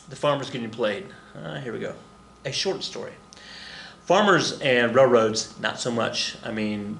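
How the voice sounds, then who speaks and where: A man's voice: mid-range voice, gravelly, fairly bright tone, reverberant, slight background noise. A man teaching a casual recorded history lesson, rambling and jokey, muttering to himself and acting out the people he quotes.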